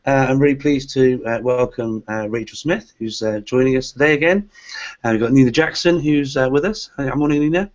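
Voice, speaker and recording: A man's voice: mid-range voice, fairly quick. A man hosts a live online teacher webinar, and his introductions keep stopping on "uh" and "um". The call audio is dull and lo-fi. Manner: hesitant, many "uh" fillers. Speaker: host.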